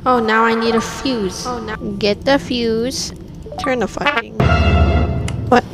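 A woman's voice: on the high side, steady tone, slow pace. A woman gamer giving jumpy horror game commentary, swearing and talking back at the game. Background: game music.

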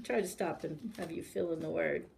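A woman librarian reading a picture book aloud to children in a gentle, animated storytelling manner. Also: low voice, fairly quick, vocal fry, a little hiss or hum.

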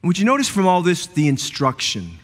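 Man, pastor, sermon, high voice, emphatic repeated phrases, church reverb. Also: huge pitch swings, moderate pace, a bit bright. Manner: emphatic, rising preaching cadence with repeated phrases. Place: church sanctuary.

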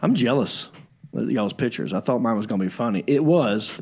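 A man hosting a casual comedy chat show, animated and teasing as he jokes with his co-hosts. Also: mid-range voice, fairly quick, creaky, slightly rough. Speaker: show host.

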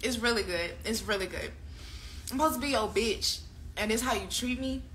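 A young woman with a high, bright, cutting voice vents about a breakup in a heated, profane rant. She curses freely and repeats her complaints again and again for emphasis. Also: moderate pace, slight background noise. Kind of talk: candid venting about a breakup.

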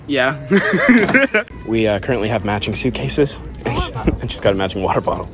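A man's voice: mid-range voice, huge pitch swings, slow pace, pauses often, crowd noise. A young man filming a casual vlog, playful and giggly, swearing often as he talks. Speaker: vlogger.

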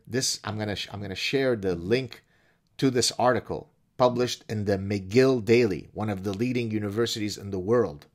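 A man's voice: lowish voice, normal speed. A man hosting a commentary show, reading aloud with sarcastic, mocking asides. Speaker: host.

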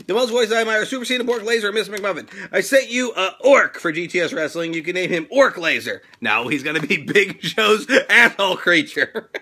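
A middle-aged man hosting a toy fan mail unboxing, loud and excitable, joking crudely and breaking into sudden high squeals. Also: brisk, slightly rough. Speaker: toy channel host.

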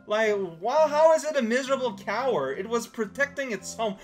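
A man's voice: extremely high pitch, normal speed, faint music behind. A man casually commentating on a video game as he plays, rambling and giggling through jokey asides. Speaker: let's play commentator.

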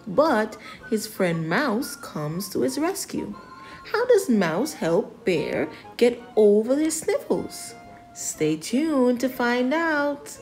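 A woman reading a children's picture book aloud, slowly and expressively. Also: on the high side, faint music behind, poor audio. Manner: slow, expressive, animated. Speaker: storyteller.

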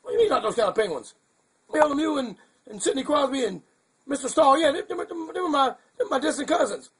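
A man's voice: very high-pitched, animated, fast, fairly bright tone, voice pushed up. A man voicing a goofy, confused male bird puppet who rambles in a muddled, chuckling way on a puppet comedy show. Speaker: hand puppet co-host.

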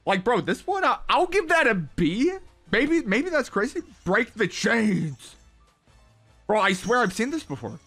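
Hyped young dude reacting to game stuff, high voice that jumps all over, music faint behind. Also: male voice, a little slow. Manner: excitable, animated, slangy. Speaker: gaming content creator. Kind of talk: casual reaction commentary.

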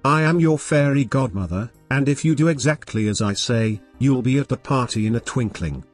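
Picture a kindly fairy godmother from a bedtime storybook, as a man reads her lines. She speaks gently and soothingly in a plain mid-pitched voice. Faint music plays softly underneath. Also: moderate pace, natural voice.

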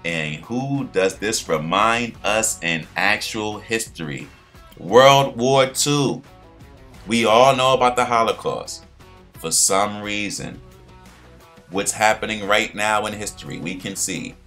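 A young man with a low, bright, forceful voice talks through a recap in loose slang, rambling and restarting his sentences. Faint guitar music plays behind him. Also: slow pace. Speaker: show recap host. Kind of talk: casual recap commentary.

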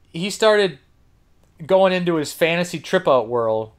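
A man hosting a podcast, telling a rambling, profane story with frequent laughs. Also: fairly high pitch. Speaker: podcast host.

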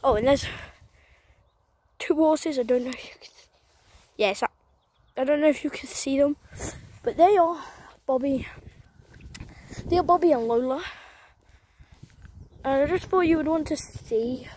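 Walking along a country road, a young woman records a casual vlog on a handheld phone, her talk chatty, meandering and full of apologies. She speaks in a high, slightly mellow voice, unhurried and often pausing, over a faint hiss or hum.

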